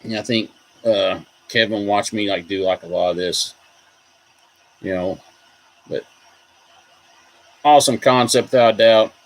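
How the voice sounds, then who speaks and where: A man's voice: fairly low pitch, measured pace, pauses often, poor audio. A man hosting a casual video, rambling about collectible figures and reacting to viewer comments. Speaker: toy collector host. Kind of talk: casual chat.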